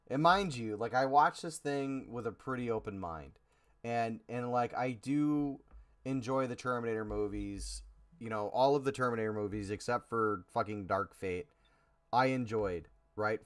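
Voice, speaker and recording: A man's voice: fairly low pitch, a bit bright. A man co-hosting a podcast, chatting casually with dramatic, exasperated asides. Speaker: podcast co-host. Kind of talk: casual chat.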